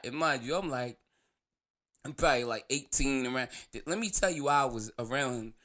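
Male host, mid-pitched, loose rambling storyteller who laughs and swears freely. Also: normal speed, a bit bright. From New York. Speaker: show host. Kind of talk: casual storytelling monologue.

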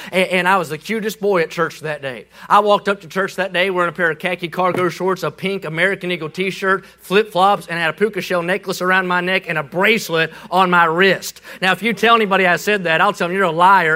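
A man preaching a humorous sermon, telling a story with animation and comic timing, breaking into shouts for emphasis. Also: sits high.

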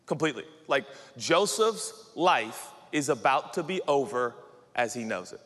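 A man in his forties preaching a sermon, telling a self-mocking story with sudden excited outbursts. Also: mid-range voice, a little slow. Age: 40s. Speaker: pastor. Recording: long hall reverb.

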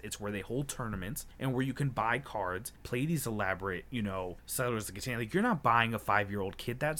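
A man's voice: mid-range voice, fairly bright tone. Young male podcast co-host, indignant and profane, storytelling with acted-out retorts. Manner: heated, profane storytelling, acting out his own retorts. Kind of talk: casual podcast chat.

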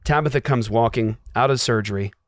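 A man sharing a personal faith testimony, acting out the dialogue and dropping to a hush at tense moments. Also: mid-range voice, a little fast, no echo, clean studio sound. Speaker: guest telling a personal story.

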